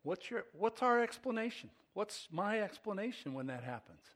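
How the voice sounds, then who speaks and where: A middle-aged man preaches a sermon in a voice a touch higher than most men. He drops to hushed, low asides, then climbs to emphatic, excited peaks as a pastor. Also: moderate pace.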